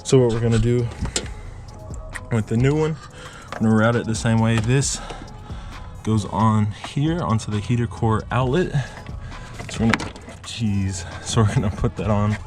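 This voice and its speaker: A car repair vlogger with a lowish voice talks at normal speed while fixing his truck, giving casual how-to narration to the camera. Out of breath from being sick, he rambles and interrupts himself, recorded on an action camera with music in the background.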